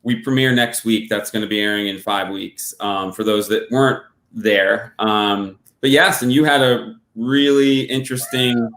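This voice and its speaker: A man's voice: on the low side, normal speed, hardly any pauses, a bit bright, echoey room. A man who is a guest on a talk show, chatting in an easygoing way with dry humor. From Delaware. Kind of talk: casual talk-show chat. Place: studio.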